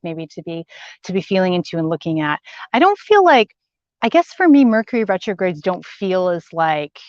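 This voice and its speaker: Here the spiritual channeler's voice sits at a medium pitch with no echo, carried over dull lo-fi stream audio. Hosting her live spiritual message, she stays warm and chatty, emphatic and repetitive, and reads out comments from viewers.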